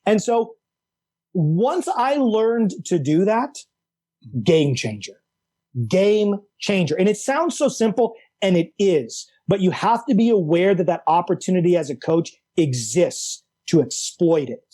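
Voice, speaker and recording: Male coach guest, middle-aged, emphatic and animated, high pitch with a warm, dark tone. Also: measured pace. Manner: animated, emphatic, repeats key words. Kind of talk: enthusiastic explanatory conversation.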